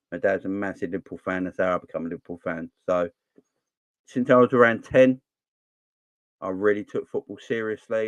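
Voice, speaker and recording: Chatty man in his forties, low voice. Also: no room sound, highs cut off. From southern England. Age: 40s. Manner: chatty, reads and answers viewer comments. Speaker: fan channel host. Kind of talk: casual live-stream chat.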